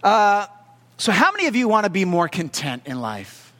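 High-voiced pastor in an echoing hall. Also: male voice, wildly swooping pitch, a bit bright. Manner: conversational, halting with fillers. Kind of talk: storytelling sermon. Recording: long hall reverb.

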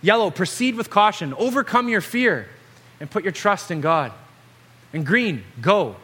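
A man's voice: high-pitched, animated, a little slow, pushed and bright, slightly rough. A man preaching an earnest sermon, exhorting and telling stories to the congregation. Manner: earnest, exhorting, storytelling delivery.

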